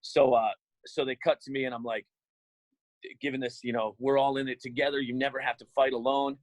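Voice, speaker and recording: A man who works as an arena emcee, telling an embarrassing story in a relaxed, self-mocking way on a panel. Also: medium pitch, a little fast, no echo, rough recording. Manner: laid-back, amused, self-mocking storyteller.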